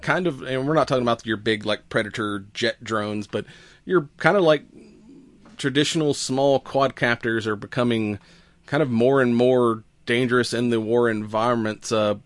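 A man co-hosting a casual podcast, explaining science news in a relaxed way, with fillers and easy laughs. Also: mid-range voice, moderate pace, no room sound. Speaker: podcast co-host.

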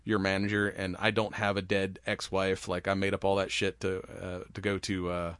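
A man's voice: sits low, monotone, normal speed, a bit bright, clear, resonant tone, dry recording. A man casually recapping a film plot in a rambling way, laughing often and swearing freely. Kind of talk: casual movie recap chat.

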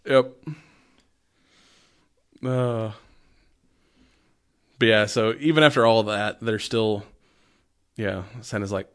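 A man's voice: on the low side, steady tone, takes it slowly, long pauses, a bit bright, clean tone. A man recapping a movie in a loose, rambling way, full of fillers. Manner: rambling, filler-heavy storytelling. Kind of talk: casual movie recap chat.

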